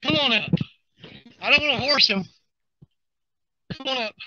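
A man, streaming live from a river bank and talking excitedly to his viewers while he fishes. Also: extremely high pitch, a little slow, no echo, lo-fi sound. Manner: excited, drawling, talks to viewers while reeling. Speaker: fishing livestreamer.

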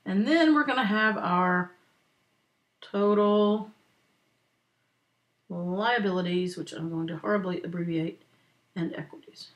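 A woman teaching an accounting lesson over a screen recording, walking students through a worked exercise patiently and checking in often. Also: mid-range voice. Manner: patient, talks slowly for note-takers; checks in with frequent "right?" and "okay?". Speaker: accounting instructor. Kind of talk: screen-recorded lecture walkthrough.

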